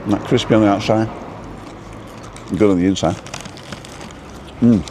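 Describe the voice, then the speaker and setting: A man's voice: lowish voice, steady tone, unhurried. A man hosting a casual live stream from an outdoor food stop. He rambles between topics and reads out the names of viewers. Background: faint traffic and building work.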